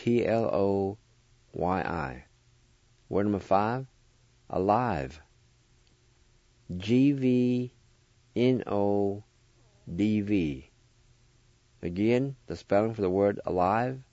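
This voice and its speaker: Male radio host, language lesson; slow, careful spelling and syllable drills; dark, dry, dull lo-fi. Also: on the low side, no room sound. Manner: slow, deliberate, spells words letter by letter and repeats syllables.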